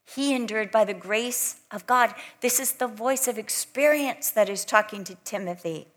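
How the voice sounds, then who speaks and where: A woman's voice: a little high, moderate pace. Older woman preaching a sermon. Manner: expressive, acts out quoted voices.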